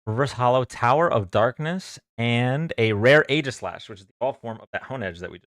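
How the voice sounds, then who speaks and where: A man's voice: mid-range voice, animated, a little fast, a bit bright, dry recording, studio quality. A man streaming live, opening trading card packs, counting cards aloud and joking about himself with his chat. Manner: jokey, counts cards aloud, self-deprecating.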